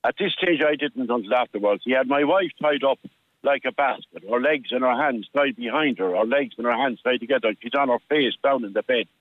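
An older Irish man calling in to a radio show, telling a story with halting restarts and acting out what others said. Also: mid-range voice, no echo. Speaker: caller. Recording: tinny phone line.

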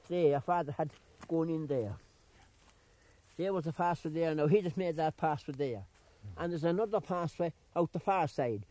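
A man's voice: fairly high pitch, no room sound. An older man with an Irish midlands accent, talking outdoors on a bog in a folksy, repetitive, welcoming way. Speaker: interviewee, bog resident.

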